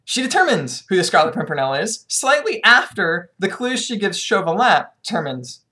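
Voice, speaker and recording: A woman's voice: medium pitch, sing-song, moderate pace, pushed and bright. Irreverent young woman recapping a novel. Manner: irreverent, sarcastic, profane storytelling. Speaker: book reviewer. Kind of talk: casual book summary.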